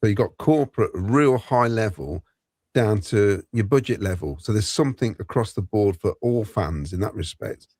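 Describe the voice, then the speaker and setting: A man in casual podcast chat with a fairly low voice, measured and fond of saying "you know". The sound is close and dry. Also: expressive, darkish tone, no room sound. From England. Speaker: podcast panelist.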